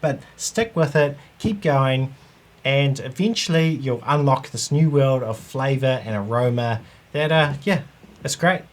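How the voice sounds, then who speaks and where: A man's voice: medium pitch, a little slow. A man hosting his own channel, talking through an explainer in a chatty, conversational way. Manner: chatty, conversational, with frequent "like" and "you know". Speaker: whisky channel host. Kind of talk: casual explainer vlog.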